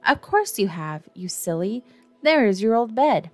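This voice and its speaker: A woman's voice: fairly high pitch, very animated, measured pace, darkish tone, soft background music. A woman voicing an earnest, motherly young girl in a storybook reading.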